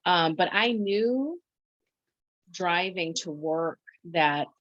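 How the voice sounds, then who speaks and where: Halting woman telling her story, lo-fi. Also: fairly low pitch, expressive, fairly bright tone, no room sound. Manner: halting, full of restarts and quoted self-talk. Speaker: podcast guest. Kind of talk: conversational storytelling. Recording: dull, lo-fi dry sound.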